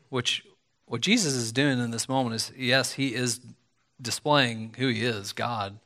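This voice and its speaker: Man, sermon, conversational preacher, animated delivery, mid-pitched voice, casual fillers. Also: measured pace. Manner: conversational, animated, acts out quoted speech.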